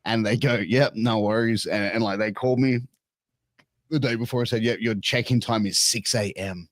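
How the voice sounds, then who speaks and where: A man's voice: on the low side, fairly even intonation, normal speed, dry recording. An Australian man in his thirties, a podcast guest telling a crude, self-mocking story in casual chat, with lots of stammered restarts. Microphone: remote video call.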